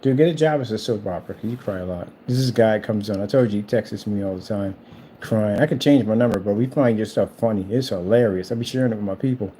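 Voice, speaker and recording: A man's voice: on the low side, fast, mellow, slight background noise. A man hosting his own channel, talking casually and teasingly in a rambling, repetitive way while he paints at home. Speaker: channel host. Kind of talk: casual trash-talking monologue.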